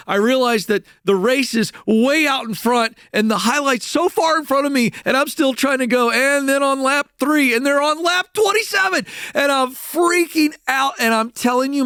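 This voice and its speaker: Animated high-voiced man telling a story. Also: clear, resonant tone, dry recording, studio quality. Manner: lively, acts out voices, repeats words when excited. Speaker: speaker telling a story to an audience.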